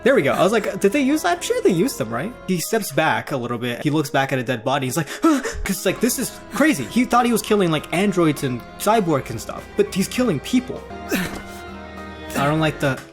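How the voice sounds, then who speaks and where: Young male reactor, slightly high, very lively, gushing, self-critical. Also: brisk, faint music behind. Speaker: voice actor reacting to his own work. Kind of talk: casual reaction commentary.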